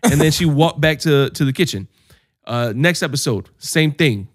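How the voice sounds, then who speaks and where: A man co-hosting a podcast, telling animated, jokey stories in casual chat with some swearing. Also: a little high, moderate pace, no room sound, studio quality. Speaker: podcast co-host.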